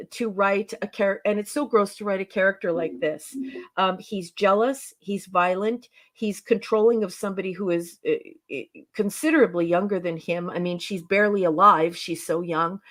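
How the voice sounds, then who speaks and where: A woman on a casual podcast, reviewing episodes in an exasperated, sarcastic rant. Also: medium pitch.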